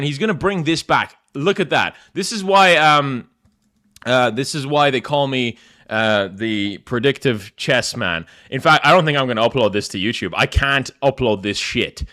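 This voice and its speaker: A man's voice: medium pitch, pushed and bright. Young man, live-stream chess commentary, jokey, mock-boastful, self-mocking.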